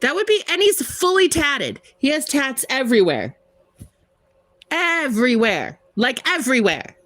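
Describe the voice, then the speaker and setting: A woman's voice: high voice, sing-song, a little slow, a bit bright, dry recording. Giggly young woman chatting with viewers. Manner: giggly, rambling, playful, lots of "like". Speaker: tarot reader livestream host. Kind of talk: casual chat with live viewers.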